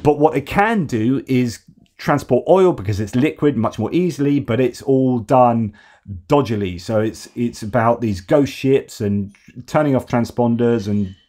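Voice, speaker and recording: A man's voice: medium pitch, measured pace, darkish tone. A man from the UK hosting a casual news commentary show, talking loosely with sarcastic, mocking asides. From United Kingdom. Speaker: host.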